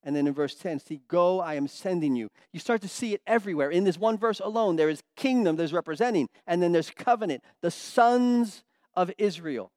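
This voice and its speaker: A man teaching a Bible study, animated and emphatic, dropping to quiet asides between loud stressed points. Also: sits high, fast talker, hardly any pauses, dry recording, studio quality.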